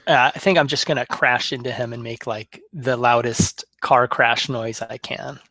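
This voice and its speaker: A man's voice: mid-range voice, steady tone, moderate pace, sharp tone. A man playing a tabletop role-play, hesitant and thinking aloud. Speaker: player.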